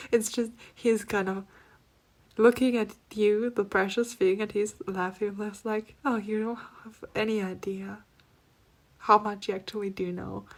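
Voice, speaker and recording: A woman giving a pick-a-card spiritual reading, speaking softly and often dropping to a near-whisper, then breaking into laughs. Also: medium pitch. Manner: soft-spoken, drifting between near-whispers and laughing outbursts. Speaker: tarot reader.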